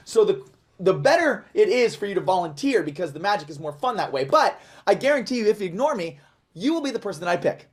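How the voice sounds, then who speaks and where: A man working a crowd as a magician, full of showy, self-mocking patter. His pitch swings up and down as he talks. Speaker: magician performing for a live audience.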